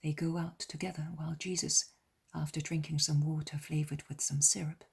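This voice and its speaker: A woman narrating a dramatized religious audiobook in a soft half-whisper. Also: low-pitched, level tone, moderate pace, vocal fry, husky.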